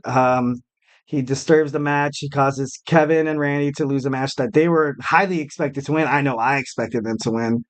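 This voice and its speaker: A man's voice: medium pitch, steady tone, moderate pace. A man hosting a wrestling podcast in a casual, chatty way, with lots of fillers and restarts and some jokes at his own expense. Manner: chatty, many fillers and restarts, jokey self-mockery.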